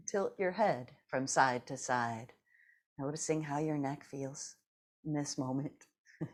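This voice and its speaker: A woman leading a seated exercise class, giving slow, encouraging cues and laughing often between them. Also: low voice. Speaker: fitness instructor.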